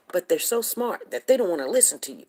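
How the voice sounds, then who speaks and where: A woman's voice: mid-range voice, sing-song, a little fast, creaky, darkish tone, slight background noise. A woman hosting a casual livestream, rambling chattily and talking straight to her viewers. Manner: greets viewers from the chat by name. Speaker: livestream host.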